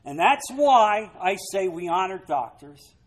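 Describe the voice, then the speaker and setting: A man's voice: high-pitched, very animated, measured pace, poor audio. A man preaching a sermon, reading scripture aloud and breaking into dramatic, emphatic asides to the congregation. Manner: dramatic, rising to loud emphatic peaks. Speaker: pastor.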